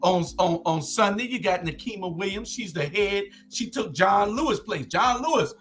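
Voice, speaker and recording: A man hosts a political talk show, indignant and emphatic. His voice is high and bright, and faint music plays behind him. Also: expressive, normal speed, few pauses. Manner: indignant, emphatic, builds to shouting.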